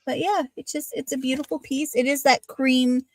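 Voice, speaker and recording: A woman's voice: high voice, steady tone, moderate pace. A woman co-hosting a live online vintage sale, describing the item's size and maker in a chatty way. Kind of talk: casual live sale chat.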